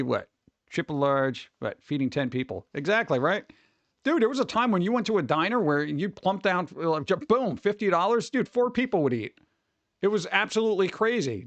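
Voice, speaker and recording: A man's voice: sits high, no room sound, muffled recording. A man chatting casually with his stream viewers, rambling and laid-back, calling everyone "dude.". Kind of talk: casual livestream chat.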